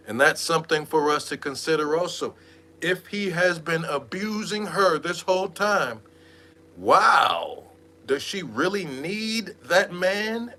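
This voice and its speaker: A man giving animated, mocking gossip commentary in a streetwise, slangy way. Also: a little high. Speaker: online commentator.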